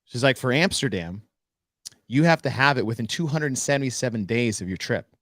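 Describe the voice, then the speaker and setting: Podcast co-host, male, animated storyteller who voices the people in his story, dry close mic. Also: medium pitch, brisk, no echo. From United States. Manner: animated storyteller acting out dialogue. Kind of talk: casual storytelling chat.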